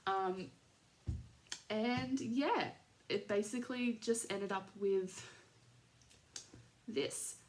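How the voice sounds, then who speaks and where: A woman's voice: mid-range voice, drawn-out words, pauses often, slight background noise. An Australian woman in her thirties hosting a podcast, chatting casually in a rambling way with lots of fillers and little laughs. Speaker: podcast host. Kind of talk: casual chat.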